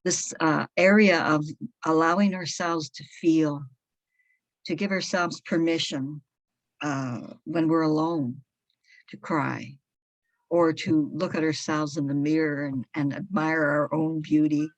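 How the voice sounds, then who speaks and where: A woman's voice: low voice, steady tone, unhurried, no echo, muffled recording. A woman hosting an online group conversation, thanking guests and reflecting in a thoughtful, hesitant way. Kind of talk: casual reflective chat.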